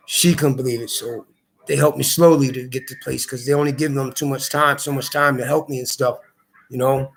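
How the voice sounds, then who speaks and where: A man's voice: on the high side, a bit bright. An older man ranting angrily to the camera, heated and profane, repeating himself as he tells it. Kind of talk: angry rant to camera.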